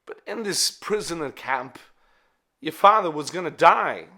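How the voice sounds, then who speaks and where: A man playing a grizzled male war veteran who tells a boy a solemn story, with loud, dramatic delivery. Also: a little high, expressive, a little slow, voice pushed up, heavily acted.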